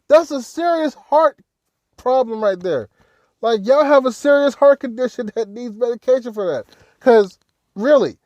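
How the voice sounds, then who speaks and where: A man vents his frustration straight to camera in a casual fan rant. His voice sits high and sounds dry and close. He hammers his points home by saying them again and again. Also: no room sound. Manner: frustrated, animated, repeats himself for emphasis. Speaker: sports fan vlogger. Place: at work.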